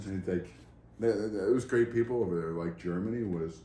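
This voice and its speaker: A male co-host talks in a laid-back, rambling, self-mocking way during a casual chat recorded in a roomy garage with faint background noise. His voice is deep and fairly quick.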